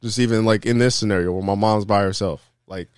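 A man's voice: lowish voice, a little fast, clean tone, no echo, clean studio sound. A young man co-hosting a podcast, telling a story in casual chat with lots of profanity and acted-out quotes. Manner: animated storytelling, heavy profanity, acts out quoted voices. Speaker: podcast co-host.

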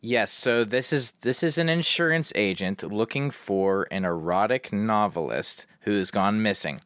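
A man's voice: fairly low pitch, unhurried, fairly bright tone, no echo, clean studio sound. A man co-hosting a podcast, trading crude, wisecracking banter in casual chat. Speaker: podcast co-host.

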